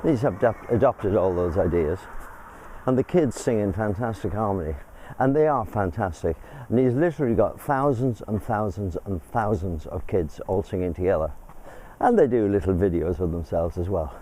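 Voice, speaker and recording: An older man from England talks while walking uphill through a village, slightly out of breath and chatty, often breaking off mid-thought. His voice sits low and mellow. Faint outdoor sound and passing traffic hum behind him. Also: animated, moderate pace, low-quality recording. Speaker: vlog host. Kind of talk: casual walking vlog.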